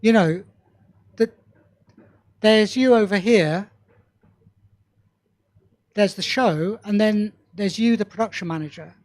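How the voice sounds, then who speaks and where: High-voiced chatty man on a panel. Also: slow, pauses often, darkish tone, no room sound. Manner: chatty, rambling, self-deprecating. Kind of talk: panel discussion.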